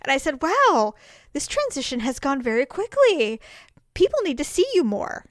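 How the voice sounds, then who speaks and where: Animated storyteller woman, higher voice. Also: normal speed, no room sound, clean studio sound. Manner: animated, acts out voices of family members while telling stories. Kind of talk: casual chat, storytelling.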